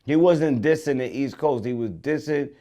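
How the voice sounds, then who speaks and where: A man's voice: mid-range voice, normal speed, mellow. A man being interviewed, recalling past events in loose, slangy speech with many restarts. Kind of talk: casual recollection.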